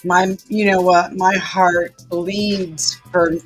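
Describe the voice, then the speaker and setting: A woman's voice: on the low side, level tone, takes it slowly, soft background music. A woman with a Southern US accent hosting a live stream from home, chatting folksily with viewers. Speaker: livestream host. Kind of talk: casual live commentary.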